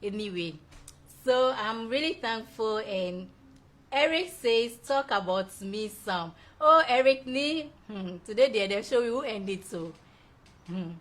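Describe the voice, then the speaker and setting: A woman's voice: a little high, lively intonation, measured pace, fairly bright tone. A young woman hosting a show, chatting effusively and laughing often as she reads out viewer messages. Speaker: show host. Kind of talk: casual live-show chat reading viewer comments.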